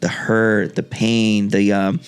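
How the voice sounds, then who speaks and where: A low-pitched man musing on a podcast. He talks in a relaxed, reflective way, often stopping and starting over. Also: smooth. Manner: reflective, talks in halting restarts. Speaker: podcast host. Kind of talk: casual podcast conversation.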